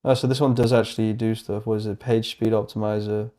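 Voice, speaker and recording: Young male streamer, slightly low voice, excitable thinking-aloud chat with mumbled asides. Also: fast talker. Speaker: host. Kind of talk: casual livestream commentary.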